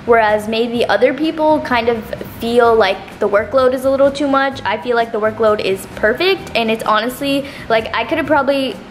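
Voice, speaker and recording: A woman's voice: on the high side, normal speed, few pauses, a little hiss or hum. A young woman vlogging casually to camera at home, chatty and full of "like" and "literally". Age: young adult. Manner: chatty, filler-heavy, says "like" and "literally" often. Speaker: college vlogger. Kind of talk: casual vlog talk to camera. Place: indoors at home. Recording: roomy, echoey room with music behind.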